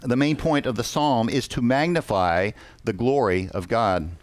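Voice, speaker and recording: In a dry recording, a man with a mid-range voice preaches a sermon. He engages the congregation by asking them questions and reads scripture aloud in a measured way.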